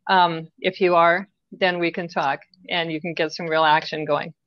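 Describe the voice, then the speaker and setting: A woman's voice: fairly low pitch, flat delivery, normal speed, no echo, dull audio. A woman guest in an interview, explaining her work in a direct, practical way and often checking in with "right?". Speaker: guest business coach. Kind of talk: casual interview talk.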